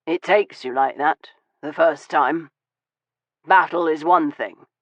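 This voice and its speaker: A man voicing a wounded, weary Victorian gentleman who speaks in a low, measured and bitter way in an audiobook. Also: no room sound. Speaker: audiobook voice of a male character. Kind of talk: audiobook dialogue reading. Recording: dull, dry studio audio.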